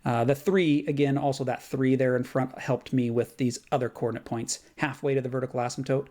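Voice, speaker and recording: A man teaching a recorded math lesson in a casual way, thinking aloud with fillers and quick self-corrections. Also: mid-range voice, steady tone, a little mellow.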